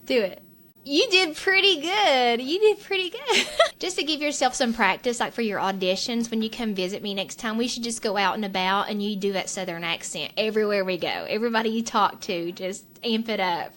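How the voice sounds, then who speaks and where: A woman's voice: mid-range voice, fairly quick, few pauses, a bit bright. Chatty woman with a thick Kentucky accent. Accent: Eastern Kentucky. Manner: chatty, laughing often. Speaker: podcast co-host. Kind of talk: casual chat.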